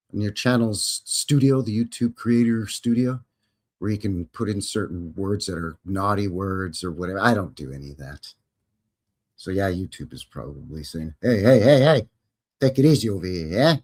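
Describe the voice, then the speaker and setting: A man hosting a live stream, reading viewer comments aloud and joking casually while commenting on film clips. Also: sits low. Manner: jokey, chatty, reads viewer chat aloud.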